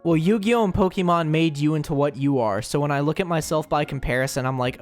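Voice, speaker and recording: A man's voice: on the high side, fairly quick, few pauses, soft background music. A young man streamer in casual chat, rambling and joking, often stumbling and repeating words.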